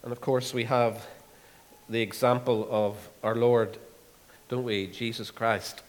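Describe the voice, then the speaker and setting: Male preacher, earnest sermon delivery with frequent pauses, reverberant hall. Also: medium pitch, steady tone. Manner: earnest, with many pauses and fillers. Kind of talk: expository sermon.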